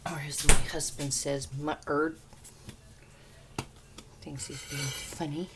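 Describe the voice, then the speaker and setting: A woman's voice: deep voice, fairly even intonation, normal speed, heavy background noise. A middle-aged woman in her home kitchen, chatting homey and easy as she walks viewers through a simple recipe step by step. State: talking with her mouth full. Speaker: home cooking vlogger. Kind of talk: casual cooking demonstration.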